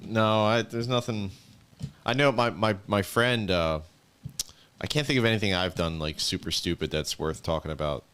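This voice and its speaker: A man on a podcast telling a story in a hesitant, low-key way. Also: normal speed, a bit bright, clear, resonant tone. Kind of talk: casual podcast chat.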